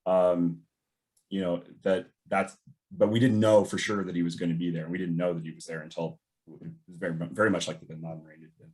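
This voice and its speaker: Lowish-voiced man telling a story. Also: brisk. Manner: animated, laughs often, acts out quoted voices. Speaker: guest, former intelligence analyst. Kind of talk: conversational storytelling.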